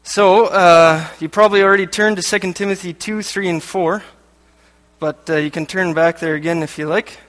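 A man from Canada delivers a sermon with a fairly high voice, reading passages aloud and dropping dry jokes in between. His voice rings out with a long reverb through a church hall. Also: steady tone, moderate pace, a bit bright. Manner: joking asides between read passages. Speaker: lay preacher.

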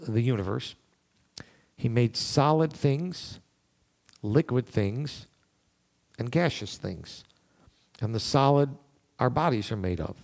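A man's voice: mid-range voice, creaky, a little mellow. A man teaching a verse-by-verse Bible study to listeners in a room, in a conversational way, thinking aloud and asking them questions.

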